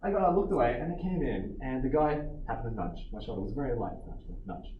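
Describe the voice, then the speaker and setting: A man casually telling a travel story, animated and laughing often, acting out what people said. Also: medium pitch, fast, muffled recording. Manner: animated, acts out quotes, laughs a lot. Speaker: storyteller recounting a trip. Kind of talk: casual anecdotal chat. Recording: roomy echo, distant mic, background noise.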